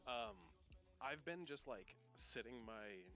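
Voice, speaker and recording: A man chatting over a headset with his gaming friends, joking crudely in a relaxed way. His voice is mid-pitched and bright. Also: takes it slowly, soft background music. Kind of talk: casual voice chat.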